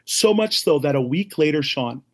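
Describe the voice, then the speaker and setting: Guesting on an interview, a middle-aged man who leads a ministry tells an energetic story, voicing the other characters and laughing a lot. His pitch leans high and his pace is moderate.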